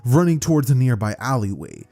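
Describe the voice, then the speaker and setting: Dude narrating a fan story, chatty and rambly, mellow tone, lively up and down. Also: male voice, medium pitch, fairly quick. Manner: rambling, conversational, filler-heavy.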